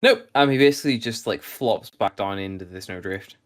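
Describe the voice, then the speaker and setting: Male GM, low voice, halting, filler-heavy narration. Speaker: game master. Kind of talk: narrating a tabletop game.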